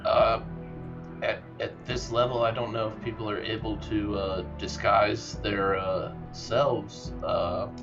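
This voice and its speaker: A male player in a tabletop game with a low voice, talking in a deliberate, hesitant way. The recording sounds slightly dull, and guitar music plays behind him. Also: little pitch movement. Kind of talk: casual tabletop game talk.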